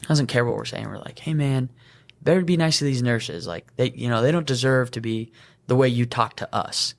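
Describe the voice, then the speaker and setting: Guy with a gravelly voice telling a story on a podcast, laughs a lot, mid pitch. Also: moderate pace. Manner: animated, laughing while telling a work story. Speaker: EMT podcast co-host. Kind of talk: casual storytelling chat.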